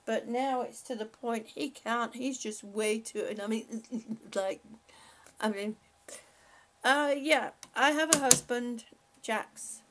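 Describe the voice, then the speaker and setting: A woman's voice: fairly high pitch, takes it slowly, fairly bright tone, a little hiss or hum. A woman hosting a casual live chat from home, rambling and laughing often as she talks to her pets. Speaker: live-stream host.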